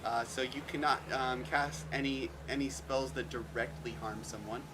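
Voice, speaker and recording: A man's voice: medium pitch, steady tone, normal speed, background noise. A man running a tabletop game as game master, stammering and repeating words as he narrates.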